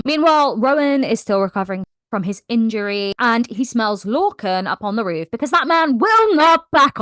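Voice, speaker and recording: A young woman retells a novel's plot in a casual, animated vlog. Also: fairly high pitch, dry recording, studio quality. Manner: animated, gushing storyteller. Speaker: book vlogger. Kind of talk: casual book recap vlog.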